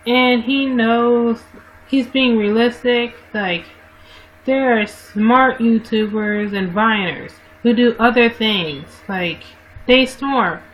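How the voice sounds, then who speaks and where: Slow-talking woman rambling to her livestream. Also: on the high side, a bit bright, slight background noise, poor audio. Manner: rambling, frequent self-corrections and restarts. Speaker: livestream vlogger. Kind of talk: casual rambling monologue to viewers.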